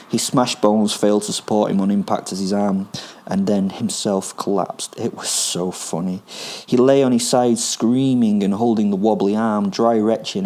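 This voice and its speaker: A man's voice: fairly low pitch, warm tone. A man reading his own first-person story, gleefully menacing and darkly amused.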